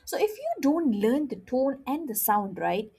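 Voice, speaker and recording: A woman's voice: high voice, sing-song, measured pace, warm tone, husky. A woman teaching a language lesson, patiently demonstrating sounds and often checking in with "okay?". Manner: demonstrates sounds by drilling syllables aloud.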